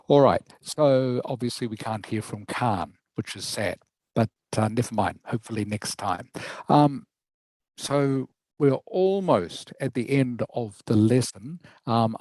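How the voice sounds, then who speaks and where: A man's voice: mid-range voice, darkish tone, no room sound, low-quality recording. A man teaching English over a video call, patiently giving feedback and often checking that his student follows. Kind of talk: online lesson feedback.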